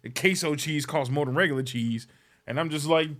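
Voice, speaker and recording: A podcast host rants in a casual, comedic way, swearing freely and sounding exasperated as he complains animatedly. His voice is high-pitched and he speaks at a moderate pace.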